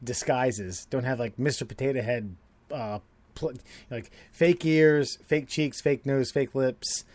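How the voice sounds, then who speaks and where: A man's voice: mid-range voice, slow pace, a little mellow, no room sound. A man co-hosting a podcast, rambling with many restarts and laughing often in casual chat. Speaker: podcast co-host.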